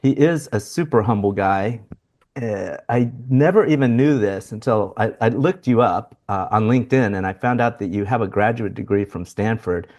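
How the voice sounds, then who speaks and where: A man's voice: fairly low pitch, moderate pace, darkish tone. A man co-hosting a podcast, introducing a guest in a rambling, good-humored way. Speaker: podcast co-host.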